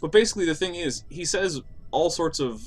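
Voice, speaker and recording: A young man talks through a gaming stream in a loose, joking, opinionated way. His voice sits a little high. Faint game music plays underneath. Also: animated, fairly quick. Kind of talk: casual gaming stream chat.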